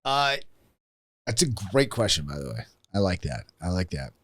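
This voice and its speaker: A man's voice: low-pitched, very animated, normal speed, a bit bright, husky, no echo, studio quality. A man guesting on a podcast, giving blunt, heated opinions in casual talk and swearing.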